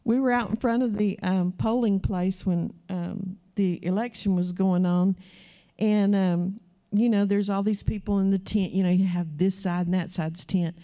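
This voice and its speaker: A middle-aged woman telling a story in a sermon, acting out the dialogue as a lively storyteller. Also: medium pitch, moderate pace. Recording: dull, slightly muffled recording.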